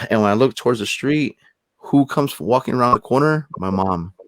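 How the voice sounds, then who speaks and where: A man's voice: medium pitch, lively intonation, moderate pace, no room sound. A man talking as a paranormal investigator guest, telling a long story in a casual, rambling way and often repeating words as he builds it up.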